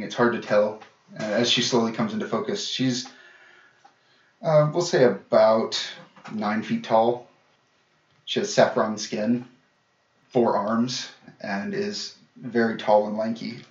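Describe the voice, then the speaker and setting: A man narrating a tabletop game as game master, describing scenes in a casual way with many fillers. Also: lowish voice. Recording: echoey room, dull lo-fi sound.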